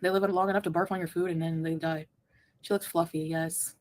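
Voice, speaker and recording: A woman's voice: lowish voice, level tone, brisk, darkish tone. A woman co-hosting a livestream, reading the chat aloud in a playful, teasing way and tossing in French phrases.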